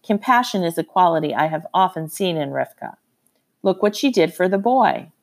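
A woman reading an audiobook, voicing a kind male doctor who speaks gently and reassuringly. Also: lowish voice, lively intonation, normal speed, creaky. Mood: kindly.

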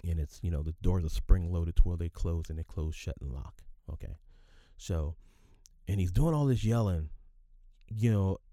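A man's voice: sits low, normal speed, dark tone, dry recording, clean studio sound. A man in his fifties telling a casual work story as a podcast host, chatty and often checking in with his listeners.

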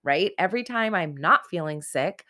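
A woman's voice: on the low side, lively intonation, normal speed, bright, forceful tone. A woman in her forties giving an earnest, conversational motivational talk on self-help, speaking straight to her listeners. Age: 40s.

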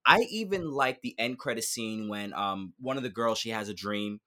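A podcast co-host, male, chats casually in an animated way and laughs easily. His voice sits fairly low.

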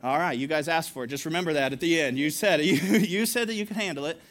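A man's voice: on the high side, fast, a bit bright. A male pastor preaching a sermon, telling stories with laughs and asides to the congregation.

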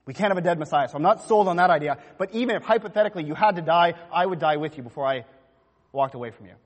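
A bold, self-assured man swears loyalty with stubborn insistence, as a preacher acts him out. The voice sits a bit above average pitch for a man, and it rings with a long hall reverb. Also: lively intonation, very fast. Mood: insistent. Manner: emphatic, self-assured protesting. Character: boastful, insistent grown man disciple.

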